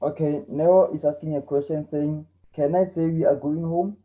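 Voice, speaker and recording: A man's voice: a little high, fairly even intonation, normal speed, narrow, tinny audio. A young man teaching an online English lesson to teenagers, earnest and repeating himself as he explains. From South Africa.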